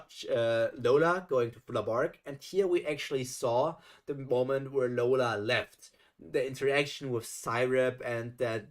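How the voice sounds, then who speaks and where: Man, live reaction, reads aloud, self-correcting, thinks out loud, mid-pitched voice. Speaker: YouTuber reading and reacting to fan fiction.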